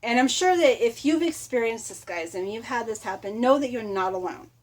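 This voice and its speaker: A middle-aged woman talks in a chatty, animated way in a casual motivational vlog. Her voice sits a touch high, and she keeps breaking into laughs and playful acted-out lines as she rambles through her points. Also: fairly quick. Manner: chatty and animated, laughs often, acts out quotes. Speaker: motivational vlogger.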